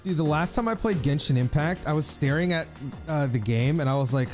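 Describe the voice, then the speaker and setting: Young guy streaming and rambling to chat, bouncy animated voice, kinda high, bit of game music under it. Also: brisk. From Philippines. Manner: rambling, chatty, lots of fillers, laughs often. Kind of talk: casual live-stream chat while gaming.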